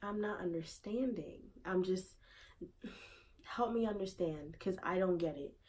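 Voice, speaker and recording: A woman's voice: on the low side, measured pace, a little mellow. A woman giving her opinion casually in a vlog, repeating rhetorical questions in disbelief. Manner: conversational, with fillers. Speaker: vlogger.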